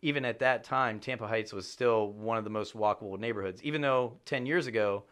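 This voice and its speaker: A middle-aged man chatting as a podcast guest, an animated storyteller who swears for emphasis and jumps up in pitch when excited. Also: fairly quick. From Chicago area. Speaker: podcast guest, real estate agent. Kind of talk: casual chat.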